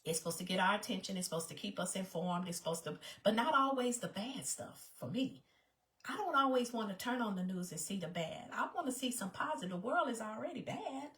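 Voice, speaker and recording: Talking to the camera, this woman vlogger addresses her viewers in a personal, emphatic way, frequently repeating herself. Her medium-pitched voice is a bit bright, and she speaks briskly and with animation.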